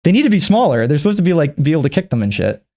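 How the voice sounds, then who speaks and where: A man's voice: on the high side, sing-song, very fast, warm tone. A young man ranting casually and comically about a film, rambling, swearing and slipping into mock impressions. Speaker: youtuber reviewing a film. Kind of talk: casual comedic movie rant.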